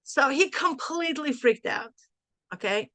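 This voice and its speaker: Middle-aged woman leading a group, animated storyteller, bright, gravelly voice, slightly high. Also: unhurried, no echo. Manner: animated, acts out both sides of a phone call; sprinkles in Hebrew and Yiddish phrases. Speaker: mastermind group leader.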